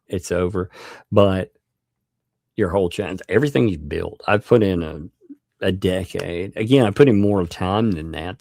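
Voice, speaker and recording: Man, livestream host, very deep voice, gravelly, lively pitch, dry close sound, casual rambling thank-yous, chuckles often. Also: no room sound. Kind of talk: casual live stream chat.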